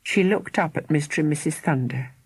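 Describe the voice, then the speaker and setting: A woman narrating a children's audiobook in an expressive storytelling way, with dramatic pauses. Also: deep voice, slightly rough, dry recording. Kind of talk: scripted narration.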